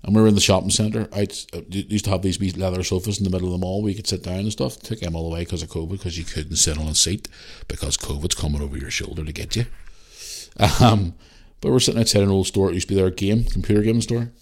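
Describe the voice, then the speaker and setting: A man in his thirties hosting a casual podcast, telling a story in an animated, ranting way and swearing freely. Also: deep voice, fast. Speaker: podcast host.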